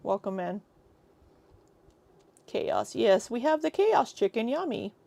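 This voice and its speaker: A woman's voice: fairly high pitch, very animated, takes it slowly, creaky, warm tone, faint music behind. A woman streamer chatting casually and reacting to clips with sarcastic comments and frequent laughs.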